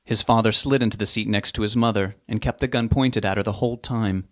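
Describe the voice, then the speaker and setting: A man narrating a novel aloud, reading in a plain, steady storytelling manner. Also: fairly low pitch, fairly quick, no room sound, studio quality.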